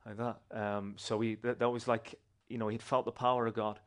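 A man, a church member giving a personal testimony in an animated, conversational way with restarts. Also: mid-range voice, brisk.

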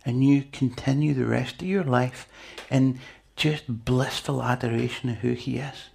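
Male preacher, conversational sermon delivery, husky with gravel. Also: mid-range voice, fairly even intonation, measured pace, a little mellow. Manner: conversational, chatty with asides to the congregation.

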